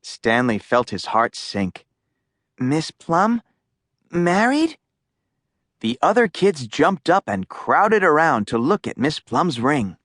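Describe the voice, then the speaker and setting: A woman narrating a children's audiobook in a slow, lively storytelling voice. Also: very deep voice, slightly rough, no echo, clean studio sound.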